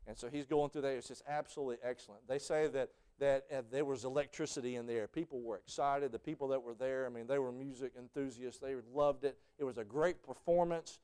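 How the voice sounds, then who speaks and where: Preacher man, smooth and clear, spins sermon stories, quiet then loud. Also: mid-range voice, fairly even intonation, quick pace, few pauses. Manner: storytelling, swings from hushed to shouting.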